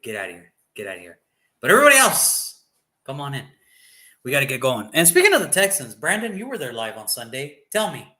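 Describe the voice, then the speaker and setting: Bright-voiced man hosting casual sports chat. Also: fairly high pitch. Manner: chatty, teasing, repeats phrases. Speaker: sports show host.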